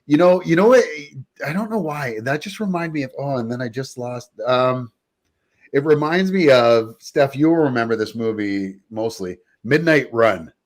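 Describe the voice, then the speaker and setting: A man's voice: medium pitch, expressive, normal speed. A man hosting a casual show, retelling scenes and often laughing as he talks. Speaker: podcast host. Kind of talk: casual review chat.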